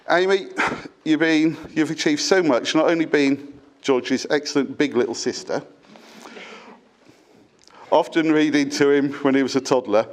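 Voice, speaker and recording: A middle-aged man, father of the bride, reading his wedding speech from notes with fond, gently humorous delivery and small stumbles. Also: medium pitch. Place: wedding reception.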